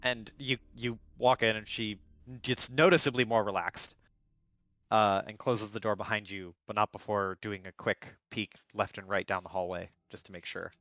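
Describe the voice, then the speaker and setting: A man's voice: lowish voice, fairly even intonation, moderate pace, a bit bright, no room sound, muffled recording. A man narrating a tabletop game as game master, rambling with many fillers and restarts.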